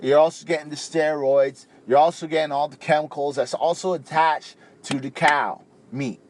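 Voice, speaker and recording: A young man from the Caribbean talks casually and at length, his voice sitting a little higher than most men's. He rambles in an animated way, tossing in "you know" and "right" constantly. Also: moderate pace, slight background noise. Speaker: vegan speaker. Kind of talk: casual talk to camera.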